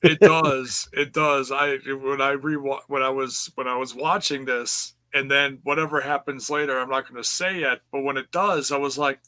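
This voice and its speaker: A man's voice: medium pitch, fairly even intonation, normal speed, few pauses, pushed and bright. A man co-hosting a casual wrestling review podcast, chatty and amused, with lots of "you know" and "like". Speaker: podcast co-host.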